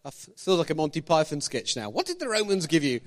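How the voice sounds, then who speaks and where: Animated preacher guy, high voice swooping all over, keeps quizzing the crowd. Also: quick pace. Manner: animated, asks the congregation questions, jokey asides. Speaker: pastor. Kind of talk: sermon.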